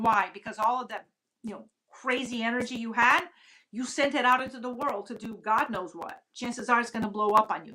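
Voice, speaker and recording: A woman's voice: a little high, moderate pace, bright, forceful tone, low-quality recording. A woman teaching about witchcraft in an earnest, conversational way, with frequent "you know" asides. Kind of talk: casual spoken teaching.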